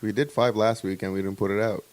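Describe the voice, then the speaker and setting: A man co-hosting a podcast in casual chat, laid-back and quick to agree. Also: on the low side, fairly even intonation, darkish tone. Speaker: podcast co-host.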